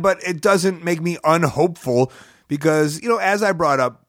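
A man with a cold, his voice set a little high for a man, talks his way through a podcast from his apartment. His manner is chatty and rambling, and he turns upbeat when plugging the show. The sound is close and dry. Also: normal speed, fairly bright tone, no echo. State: sick with a cold. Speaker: podcast host. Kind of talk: casual podcast monologue. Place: studio apartment.

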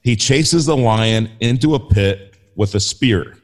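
A man's voice: medium pitch, takes it slowly. A man talking as a guest in a casual faith conversation, enthusiastic and rambling with frequent restarts. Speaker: podcast guest.

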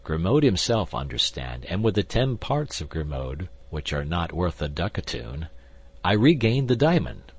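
A man reading as a cool, sardonic musketeer in an audiobook, low and husky. He drawls calmly and wryly, unbothered by bad news. A storybook gambler. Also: normal speed, no echo, heavily acted. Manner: calm, drawling and wry. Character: coolly indifferent older male musketeer, wry gambler.

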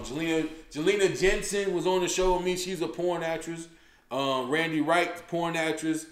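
A man's voice: on the high side, fairly bright tone. A male comedian hosting his own show, telling stories in a loose, slangy, casual way and calling people "man" every few words. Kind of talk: casual podcast chat. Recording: roomy echoey room.

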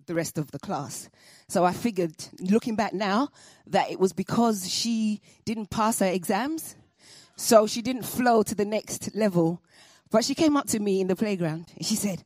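A woman tells a personal story on stage in an animated, comic way, her voice moving between high and low. Her tone is husky, and the sound is dry and close. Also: moderate pace, no room sound. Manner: animated, comic, laughing asides.

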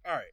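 A man's voice: fairly bright tone, dry recording, studio quality. A man co-hosting a podcast, chatting casually, teasing his friends and stammering when he gets worked up. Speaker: podcast co-host. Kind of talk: casual chat.

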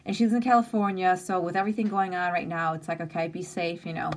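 A woman's voice: lowish voice, level tone, quick pace. Earnest woman giving a heartfelt live talk. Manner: earnest, open and conversational, with emphatic lists. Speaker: host of an inspirational live stream.

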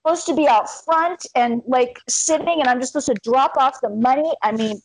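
A woman with a fairly high voice chats casually and tells stories with lots of energy, swearing freely and acting out the people she quotes. The sound is dry and close, with no room echo. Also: a little fast. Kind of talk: casual chat. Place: lives in Arizona.

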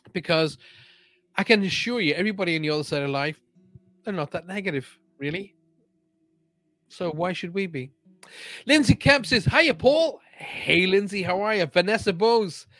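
A man's voice: high voice, a bit bright, no echo. A man hosting a live chat show as a psychic medium, chatty and upbeat, greeting viewers by name as he talks. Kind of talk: casual live-stream chat.

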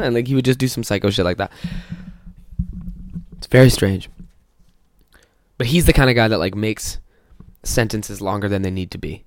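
A man's voice: mid-range voice, a little fast, long pauses, no echo, clean studio sound. A young man hosting a podcast, ranting casually with lots of swearing and mocking impressions of people he quotes. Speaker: podcast host. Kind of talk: casual comedic rant.

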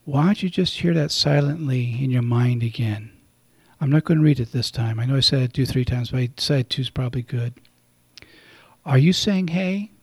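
Male priest, radio host; gentle reflective homily, raspy grain, dry close sound. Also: medium pitch, moderate pace, dry recording. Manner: gentle, reflective, speaks directly to listeners.

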